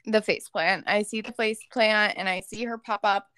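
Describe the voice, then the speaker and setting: A woman's voice: mid-range voice, fairly even intonation, moderate pace, pushed and bright, no echo. A young woman co-hosting a podcast, chatting and giggling as she recounts a family story. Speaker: podcast co-host. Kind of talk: casual chat.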